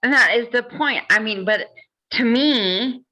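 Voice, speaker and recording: A woman's voice: on the high side, unhurried, pushed and bright, low-quality recording. A woman hosting a casual talk, reading passages aloud and adding joking asides. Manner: reads passages then comments with jokes and laughs. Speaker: host.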